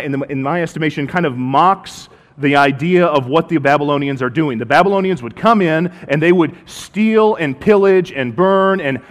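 A man's voice: fairly high pitch, big-room sound. A man reading scripture aloud and then preaching on it in an earnest way, often restarting his sentences as he explains.

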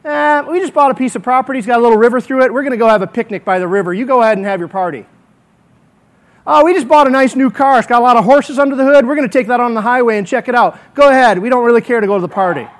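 A man's voice: very high-pitched, rapid-fire. A man voicing carefree guests in a parable, first eager to come to a king's party, then brushing the invitation off. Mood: dismissive.

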